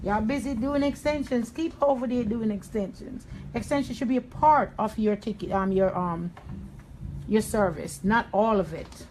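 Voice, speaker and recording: Sassy new york lady stylist, kinda high voice, chatting to her viewers like friends. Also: normal speed, a little mellow, a little hiss or hum. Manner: sassy, chatty, addresses viewers directly as "y'all" and "honey". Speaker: hairstylist hosting a live tutorial. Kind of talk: casual live-stream chat while styling hair.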